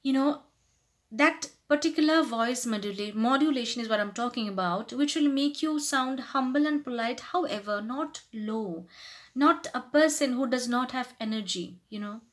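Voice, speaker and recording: A woman's voice: a little high, normal speed. A woman vlogger giving casual advice to camera, earnestly explaining and acting out polite and rude phrases. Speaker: lifestyle vlogger.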